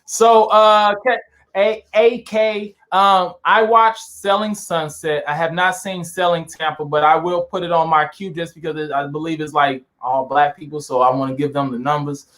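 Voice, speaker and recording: High-voiced man telling stories. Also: normal speed. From Saint Louis, USA. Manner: animated, tells anecdotes with lots of fillers. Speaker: interview guest. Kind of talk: casual storytelling chat.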